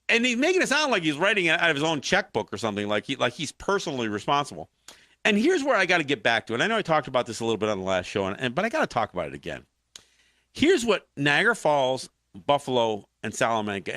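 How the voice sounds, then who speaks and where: A man's voice: mid-range voice, fast talker, no room sound, clean studio sound. A man hosting a political talk show, arguing a point with passion and many restarts. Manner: animated, impassioned commentary with frequent restarts.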